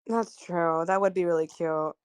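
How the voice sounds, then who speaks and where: A woman's voice: fairly low pitch, steady tone, moderate pace, smooth, no room sound. A woman chatting casually on a live stream, enthusiastic and giggly.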